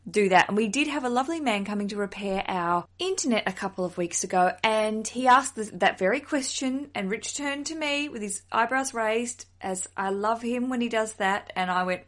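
A woman's voice: on the high side, lively intonation, moderate pace, few pauses, fairly bright tone. A woman hosting a solo podcast in a chatty, self-deprecating way, laughing easily as she talks. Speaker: podcast host. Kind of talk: casual solo podcast chat.

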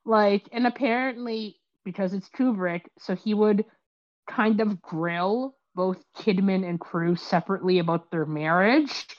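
A woman's voice: mid-range voice, measured pace, muffled recording. A woman hosting a casual chat about films, telling a story with lots of acted-out quotes and fillers. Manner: animated storytelling, acts out quotes, many fillers. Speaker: podcast host.

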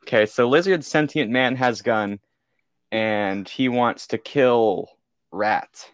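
A man's voice: medium pitch, slow pace, smooth, no echo. Goofy young man in casual chat. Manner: goofy, joking, laughs often. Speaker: podcast co-host.

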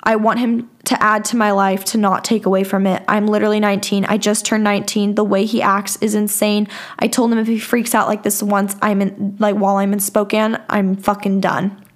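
A woman's voice: mid-range voice, flat delivery, fairly quick. A young woman telling a personal story on her podcast, chatty and casual, with plenty of filler words and swearing. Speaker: podcast host.

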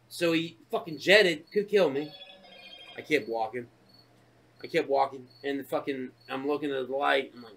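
A man co-hosting a casual podcast chat, telling stories full of swearing and acting out his own shouting. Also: medium pitch, moderate pace, vocal fry, slight background noise. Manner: profane, animated storytelling, acts out shouting. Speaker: podcast co-host.

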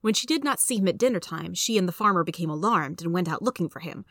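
A woman hosting a reading podcast, reading a story aloud in a steady, clear storytelling manner. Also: on the low side, quick pace, no room sound, clean studio sound. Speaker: host and reader.

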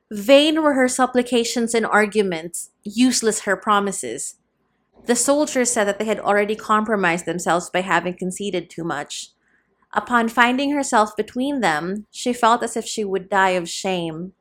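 A woman's voice: mid-range voice, normal speed, fairly bright tone. Woman narrating a novel. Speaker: audiobook narrator.

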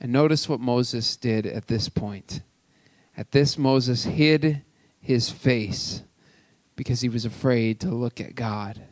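A man's voice: mid-range voice, slow, no echo. A man preaching a sermon as pastor, reading scripture and adding casual, joking asides. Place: church sanctuary.

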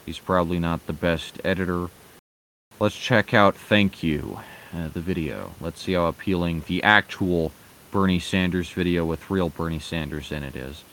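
A man's voice: low voice, moderate pace, a bit bright, a little hiss or hum. A man giving casual, sarcastic commentary with lots of hesitant fillers and some swearing.

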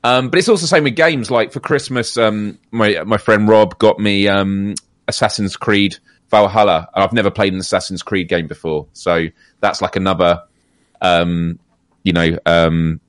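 A man's voice: lowish voice, fairly even intonation, normal speed, no room sound. A man co-hosting a casual gaming podcast, thoughtful and a little hesitant, self-deprecating. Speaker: podcast co-host.

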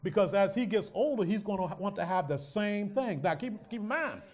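A male pastor preaching a sermon, swinging from hushed asides to loud shouts and teasing his congregation. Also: high-pitched, lively intonation, fairly quick.

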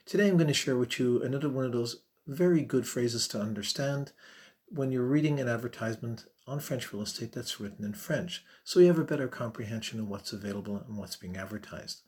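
Male podcast host, mid-pitched, friendly and unhurried explainer. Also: a little mellow.

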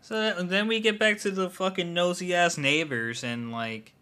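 Bright-voiced man, blunt casual chat. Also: sits high, normal speed. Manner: blunt, casual, swears freely.

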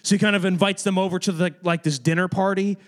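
A youth pastor with a notably high voice teaches a group of children in a loose, chatty way. He jokes often and fills his sentences with "like". He keeps the room in order as he goes. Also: steady tone, fast. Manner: chatty, joking, many filler "like"s; addresses and manages kids in the room. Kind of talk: casual youth sermon.

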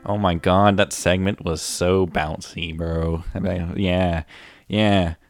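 A man's voice: low-pitched, steady tone, takes it slowly, faint music behind. A young man co-hosting a comedy podcast, rambling, joking and teasing in casual chat. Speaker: podcast co-host.

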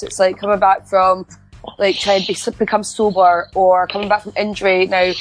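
A woman co-hosting a casual podcast, talking in long, rambling runs full of restarts. Her voice sits in a middle pitch range, with faint music behind her. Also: rough recording. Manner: chatty, rambling with many restarts. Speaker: podcast co-host. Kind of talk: casual wrestling chat.

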